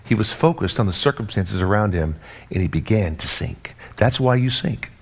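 A man's voice: moderate pace, gravelly. A man preaching a sermon, teaching from scripture and acting out the disciples' cries with dramatic swings in his voice. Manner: animated, acts out the disciples' voices with big pitch swings.

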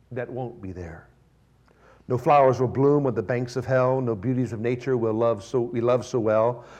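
A man preaching a sermon, swinging between raised, emphatic preaching and hushed, near-whispered lines, with slow, stressed lists. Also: mid-range voice. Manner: slow, emphatic delivery of lists and repeated phrases. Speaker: pastor.

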